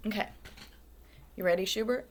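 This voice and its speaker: A woman's voice: mid-range voice, a little slow. A woman who is an elementary school guidance teacher, reading a picture book aloud to young children, asking them questions and encouraging them. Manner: warm, encouraging, asks the kids questions.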